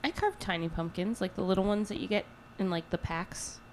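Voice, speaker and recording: A woman co-hosting a podcast, chatting casually with playful, quick quips. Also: mid-range voice, a little mellow, a little hiss or hum. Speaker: podcast co-host. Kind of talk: casual chat.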